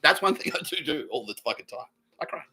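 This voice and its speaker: A man's voice: fairly high pitch, lively intonation, fast talker, pushed and bright, breathy edge, low-quality recording. Profane Australian man rambling on a podcast. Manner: profane, boastful, wandering, laughs at own jokes. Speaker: podcast host. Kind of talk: rambling comedic solo monologue.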